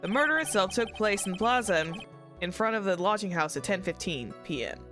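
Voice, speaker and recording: A woman's voice: medium pitch, lively intonation, fairly quick, a bit bright, close to an everyday voice. An eager, bumbling male detective, read aloud by a woman streamer, laying out his account with earnest effort. The voice sits in a plain middle range with no heavy disguise. Faint music hums underneath.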